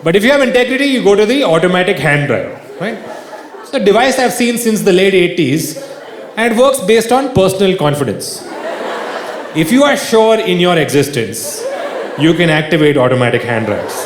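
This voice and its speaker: A man doing stand-up comedy on a theater stage, animated and laughing at his own jokes. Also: high voice, moderate pace. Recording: echoey theater with live audience. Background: audience laughter and crowd noise.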